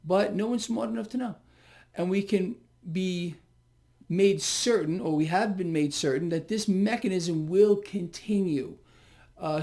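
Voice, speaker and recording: A man's voice: high voice, a little mellow. A man giving unscripted market commentary, blunt and emphatic, who repeats key phrases for stress and throws rhetorical questions at the viewer.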